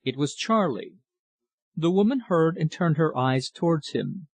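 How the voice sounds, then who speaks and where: A man's voice: a little high, no room sound. Man narrating an audiobook, dry sound. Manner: steady, measured reading.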